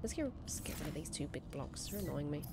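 A woman giving casual, excitable let's-play commentary, chattering to herself and to the creatures she meets. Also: low voice, quick pace. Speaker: game streamer. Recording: game music under voice. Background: game music.

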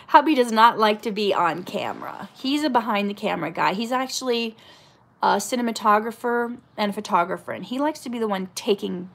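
A woman's voice: medium pitch, expressive, normal speed, gravelly, a bit bright. A middle-aged woman, an actress, chatting casually as she reads out viewer questions and answers them. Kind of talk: casual live Q&A chat.

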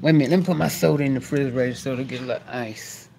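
A woman's voice: extremely low pitch, rapid-fire, vocal fry, slight background noise. A woman, chatting casually to her viewers as she films herself at home and out on the porch. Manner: chatty, animated, talks straight to the camera. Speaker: vlogger. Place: at home, then outdoors on the porch.

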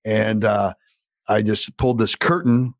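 A man's voice: lowish voice, steady tone, unhurried, no room sound, studio quality. A middle-aged man, a podcast co-host, telling a long story in a casual, profane, rambling way.

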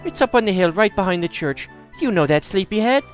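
A gossipy, raised-voice villager, put on by a man well above his usual pitch. It is delivered as a light role-playing read with game music faint in the background. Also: animated, brisk. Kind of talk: reading game dialogue aloud in voices.

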